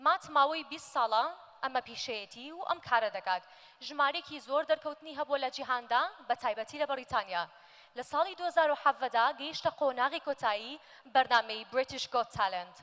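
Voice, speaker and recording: Fast, high-voiced woman presenter. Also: a bit bright. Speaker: event presenter. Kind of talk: scripted stage introduction. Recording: reverberant hall.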